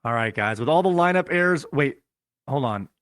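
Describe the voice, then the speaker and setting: A man's voice: medium pitch, expressive, moderate pace, fairly bright tone, dry recording, studio quality. A man hosting a fantasy football podcast, talking to listeners in an upbeat, casual way and calling them guys. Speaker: podcast host.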